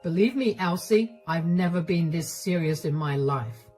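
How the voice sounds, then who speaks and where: A woman's voice: fairly low pitch, animated, moderate pace, mellow, lightly acted. A woman voicing a curt, accusing husband. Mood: stern. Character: cold accusing young husband. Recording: faint music underneath.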